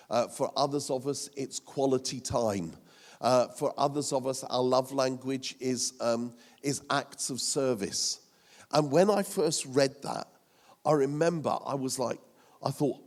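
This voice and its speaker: A man's voice: medium pitch, a little slow. A man preaching a sermon as a pastor, humorous and self-mocking, with many fillers. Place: church hall. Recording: long church hall reverb.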